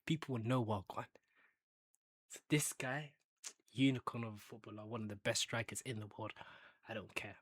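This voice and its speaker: A man's voice: lowish voice, steady tone, normal speed, pauses often, a bit bright, breathy edge, dry recording, clean studio sound. A man hosting a casual football chat, ranking players with banter and bursts of hype. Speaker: football fan channel host.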